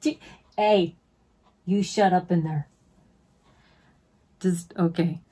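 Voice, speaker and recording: A woman's voice: on the low side, fairly even intonation, slow pace, mellow, husky. A middle-aged woman chatting casually as a beauty vlogger, gushing to her viewers like friends while unboxing at home.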